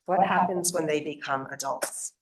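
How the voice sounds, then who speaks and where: A woman delivers a prepared conference speech in an earnest, rallying way. Her voice sits somewhat low. The sound is roomy and a little distant, as if caught from across a hall. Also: moderate pace. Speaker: nonprofit program leader giving opening remarks. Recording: echoey room, voice from a distance.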